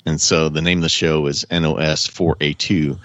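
A man on a casual podcast chat tells a long, rambling story with animated energy, chuckling often. His voice is extremely low and at normal speed, heard as dull lo-fi remote call audio with no room sound.

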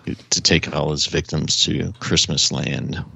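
A man on a casual podcast chat, telling a long rambling story with animated energy and frequent chuckles, heard over dull lo-fi call audio. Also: a bass voice, slow, creaky, slightly rough, dry recording. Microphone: remote call audio.

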